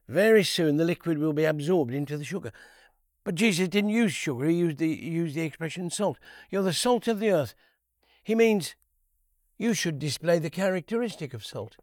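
A man giving a conversational Bible teaching, unhurried, repeating key phrases and asking rhetorical questions. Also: on the high side, darkish tone, no echo, studio quality.

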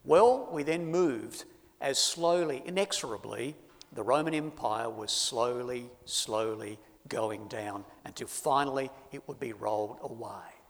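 A man preaching a sermon to his congregation, swinging from loud emphasis to hushed asides. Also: mid-range voice, unhurried. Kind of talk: sermon on Bible prophecy. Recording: long hall reverb.

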